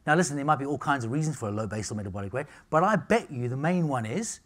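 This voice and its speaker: A man's voice: medium pitch, expressive, quick pace. A man with an Australian accent giving a live health seminar, blunt and jokey, swearing casually. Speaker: nutrition speaker. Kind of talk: live seminar talk to an audience.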